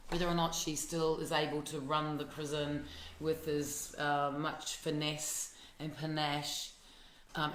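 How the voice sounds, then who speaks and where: A woman's voice: deep voice, reverberant, a little hiss or hum. A woman with a New Zealand accent chatting playfully on a live stream. She reads viewer comments aloud, laughs often and uses many fillers and restarts. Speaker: actress hosting a live fan Q&A. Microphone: phone or laptop mic on a live stream.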